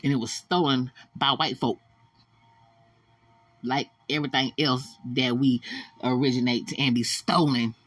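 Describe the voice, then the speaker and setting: A woman hosting a celebrity gossip show, blunt, animated and profane. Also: a bass voice, measured pace, pauses often, no room sound. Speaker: host.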